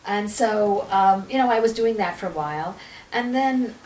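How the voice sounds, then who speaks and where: A woman's voice: mid-range voice, normal speed, slight background noise. A woman guest in a podcast interview, telling a story with energy and acting out the dialogue she quotes. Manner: lively storyteller who acts out quoted dialogue. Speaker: guest, energy healer and author. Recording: echoey room, voice a little far from the mic.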